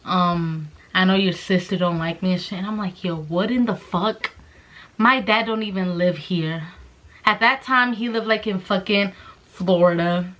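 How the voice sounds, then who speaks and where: Profane, animated young woman vlogger. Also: fairly low pitch, normal speed. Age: young adult. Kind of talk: storytime vlog. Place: home, late at night.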